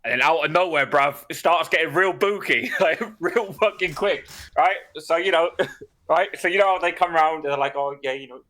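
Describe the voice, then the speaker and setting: A man's voice: a little high, normal speed, bright, forceful tone, a little hiss or hum. A man co-hosting a podcast, telling a story in casual chat, swearing and laughing often. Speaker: podcast co-host.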